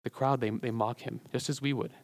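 A man's voice: medium pitch, steady tone, a little fast, gravelly. A man preaching an expository sermon, pushing his voice up on key words for emphasis.

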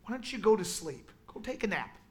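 A man's voice: sits high, sing-song, fairly quick. A man voicing a fretting family member. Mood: pleading. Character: worried family of a distraught man.

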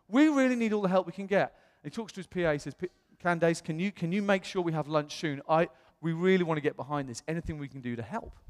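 A British man preaches in a big reverberant hall, his voice sitting a little high for a man. He tells a personal story with lots of energy and jumps into quoted voices, with the sound trailing off in a long echo. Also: fast, few pauses. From England. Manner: animated, acts out quoted voices. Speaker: pastor. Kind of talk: storytelling sermon.

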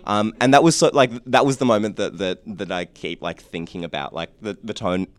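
Deep-voiced man, reflective. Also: fairly quick, dry recording. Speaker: podcast co-host. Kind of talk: casual political chat.

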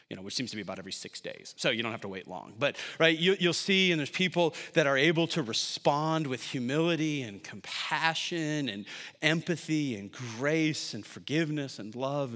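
Animated pastor preaching in a reverberant hall. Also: male voice, mid-range voice. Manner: animated and conversational, jokey asides, constant "right?" tags. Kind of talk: sermon. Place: large church hall.

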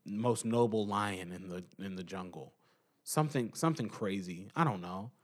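A young man hosting a podcast, giving an animated casual opinion monologue and repeating his points for emphasis. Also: on the low side, moderate pace. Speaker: podcast host.

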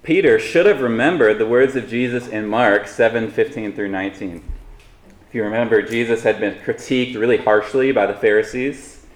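A man with a fairly low voice delivers a sermon in an easy, conversational manner, breaking in with light humor. The room is echoey, so his words carry a roomy sound. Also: moderate pace. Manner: conversational preaching with asides and humor. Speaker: pastor.

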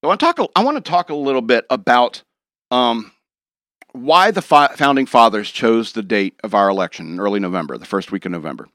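A man's voice: mid-range voice, lively intonation, fairly quick, fairly bright tone, no echo, studio quality. A man rambling through a wry, jokey monologue as a show host, chuckling now and then.

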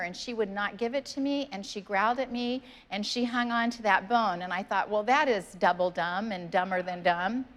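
A woman's voice: mid-range voice, fairly bright tone. A woman pastor giving a sermon in church, earnest and conversational, reading scripture aloud. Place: church sanctuary.

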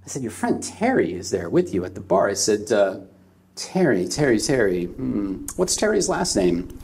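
A man's voice: fairly low pitch, sing-song, moderate pace, creaky, darkish tone. A middle-aged man from California preaching a sermon, telling a personal story and acting out the voices in it. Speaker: pastor.

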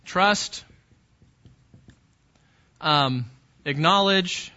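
A man's voice: on the high side, extremely slow, pushed and bright, dull audio. A man preaching a sermon to a congregation, talking to them directly and emphatically with many repeated words and restarts. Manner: emphatic teaching with repetitions and restarts.

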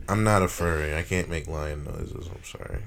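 Man, very low voice, casual podcast banter, profane, joking. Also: big pitch swings, a little slow, a crowd in the background. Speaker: podcast co-host. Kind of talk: casual chat.

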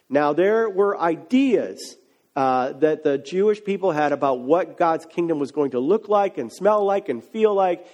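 A man preaching as a pastor in a relaxed, conversational sermon that builds to emphatic questions. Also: on the high side. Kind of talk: casual sermon.

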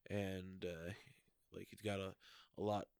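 A man co-hosting a podcast in casual chat, halting with many fillers and restarts. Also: deep voice, level tone, creaky, a little mellow, smooth, no room sound. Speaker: podcast co-host.

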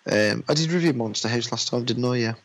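A rough recording captures a medium-pitched man, a father, rambling in relaxed conversation about movies he's seen. Chatty and loose, he throws in "mate" and performs short stories using rapid character voices.

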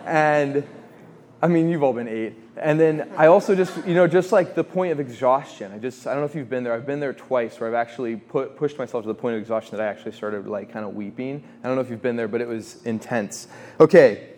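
A man in his thirties giving a faith talk, telling a personal story in a chatty, animated way with restarts and laughs. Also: medium pitch, brisk. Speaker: speaker at a formation talk.

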